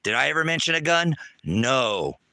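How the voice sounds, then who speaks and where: A man on a livestream, ranting angrily at his chat, swearing and preaching, loud one moment and lecturing low the next. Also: big pitch swings, normal speed, dry recording. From United States. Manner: angry, profane and preachy, swings between shouting and low lecturing. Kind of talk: heated livestream rant to chat.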